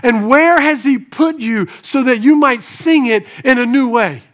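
A man giving an animated sermon, moving between soft asides and raised emphasis and asking the congregation rhetorical questions. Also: very high voice, unhurried. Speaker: pastor.

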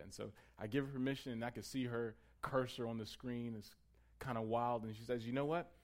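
A man preaching a sermon in a conversational way. He builds to emphatic peaks and then drops to a quiet, close tone. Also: mid-range voice, steady tone, fast talker, vocal fry. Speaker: pastor.

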